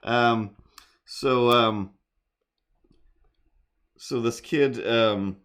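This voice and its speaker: A middle-aged man talks to his live stream, rambling through a story about a rude kid, animated and quick to break off into goofy asides. His voice sits at an ordinary middle pitch, with plain, casual delivery. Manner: rambling, animated, sings silly improvised jingles.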